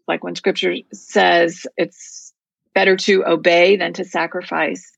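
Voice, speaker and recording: A woman's voice: mid-range voice, vocal fry, dry recording. A woman guest in an interview telling a story in an earnest, heartfelt way.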